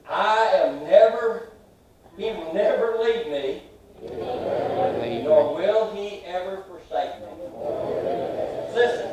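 Pastor preaching in an echoey sanctuary. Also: male voice, sits high, recorded from a distance, background noise. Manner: swings from loud, drawn-out shouts to soft asides; asks the congregation questions and has them repeat after him. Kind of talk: sermon. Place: large church sanctuary. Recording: very echoey hall, heard from afar.

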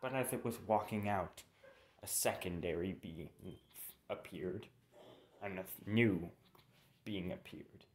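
A man's voice: low-pitched, slow, long pauses. A young man casually narrating a fan story, rambling and correcting himself with informal asides. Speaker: channel narrator.

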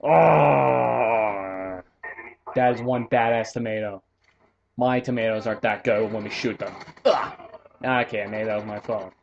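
A young man giving casual, excitable commentary while playing a shooter game, swearing and joking. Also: fairly low pitch, unhurried, creaky, pauses often, lo-fi sound, a little hiss or hum. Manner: excitable, swearing, jokey outbursts. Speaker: gaming commentator.

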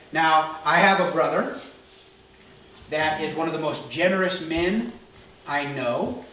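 A man's voice: a little high, a bit bright, a little hiss or hum. A middle-aged man, a pastor, preaching a conversational sermon and telling family stories with humor. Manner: storytelling, acts out quoted family dialogue with humor. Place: church sanctuary. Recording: echoey church hall, distant mic.

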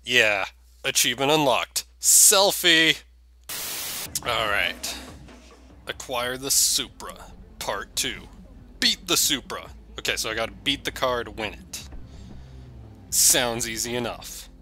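A man giving excitable, jokey gameplay commentary, yelping and shouting whenever he crashes. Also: mid-range voice, a little slow, pauses often, soft background music. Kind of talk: let's play commentary.

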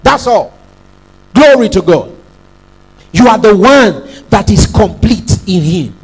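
A man's voice: high voice, expressive, slow pace, breathy edge, low-quality recording. A man preaching a sermon as pastor, emphatic, repeating phrases and prompting the congregation to say lines back.

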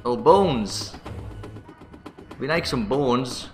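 A man's voice: mid-range voice, expressive, unhurried, pauses often, bright, forceful tone. A man hosting a let's play, panicky and self-mocking, swearing often as he plays. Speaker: gaming channel host. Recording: roomy sound with faint music.

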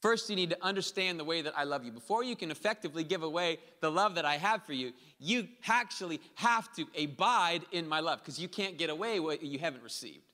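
A man delivers a sermon from the pulpit, his voice bright and forceful and a little higher than most. He swells into emphatic, driving peaks and slips into the voices of the people he quotes. A long reverb trails his words through the hall. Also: expressive, brisk, hardly any pauses. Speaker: pastor. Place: church hall.

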